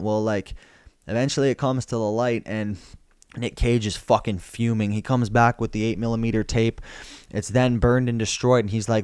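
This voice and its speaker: A man's voice: medium pitch, steady tone, moderate pace, darkish tone, clean tone, no echo, studio quality. A young man casually recapping a film plot, swearing freely and rambling as he tells it. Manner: profane, rambling storyteller. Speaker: film reviewer.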